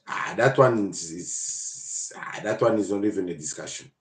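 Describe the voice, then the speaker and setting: A man hosting a casual live podcast, talking in an animated, mocking and joking way. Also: fairly low pitch, moderate pace. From South Africa. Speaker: podcast host. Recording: roomy echo.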